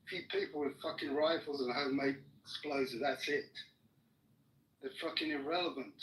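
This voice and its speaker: A man in a heated argument, furious and swearing constantly as he shouts down the other person. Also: a little high. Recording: echoey room, mic at a distance.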